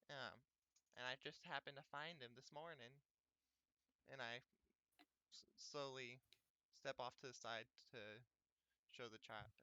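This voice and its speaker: Polite, hesitant man with a bright voice. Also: mid-range voice, smooth, no room sound. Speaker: player. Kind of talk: playing a tabletop game.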